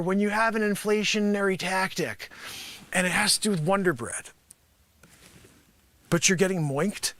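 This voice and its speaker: A man hosting a live stream, improvising a comic sales pitch in a rambling, sarcastic way full of filler phrases, with sudden loud outbursts. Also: no echo. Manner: animated, jumps to loud outbursts. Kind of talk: improvised comedic pitch bit.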